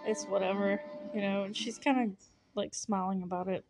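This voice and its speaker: Woman podcast host, young adult, mid-pitched, loose and chatty, laughs often, casual recap delivery. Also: steady tone, moderate pace, music in the background. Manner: chatty, lots of fillers and frequent laughter.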